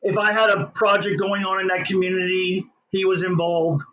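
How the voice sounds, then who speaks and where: A middle-aged man, an inventor telling his story as an interview guest in an excitable, hyper way. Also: high-pitched, normal speed, muffled recording, a little hiss or hum.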